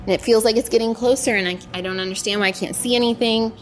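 A woman's voice: a little high, steady tone, fast. Woman recounting her ordeal over faint music. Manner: vivid, narrates events in the present tense. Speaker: former aid worker, interview guest. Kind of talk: first-person storytelling recounting an ordeal.

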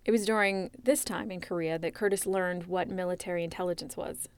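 A woman narrating a documentary story in a scripted, clear and measured way. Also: on the low side, fairly even intonation.

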